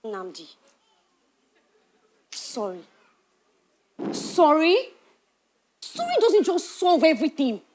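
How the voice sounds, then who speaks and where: A woman's voice: sits high, big pitch swings, takes it slowly, long pauses, slight background noise, heavily acted. An actress playing a hurt, weary young wife who reproaches her husband, in a church stage drama. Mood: reproachful. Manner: reproachful, emotional.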